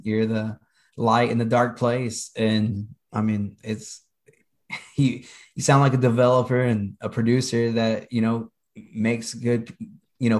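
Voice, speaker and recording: A man's voice: fairly low pitch, a little mellow. A man co-hosting a podcast interview, rambling in a supportive way with many fillers. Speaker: podcast co-host. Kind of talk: casual interview chat.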